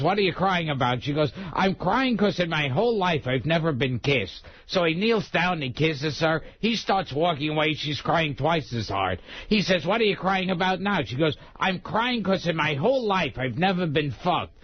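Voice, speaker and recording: A male comedian on a radio show, telling dirty jokes in a deadpan way and giggling at his own punchlines. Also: a little high, normal speed, few pauses. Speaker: comedian guest. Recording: dull lo-fi radio broadcast.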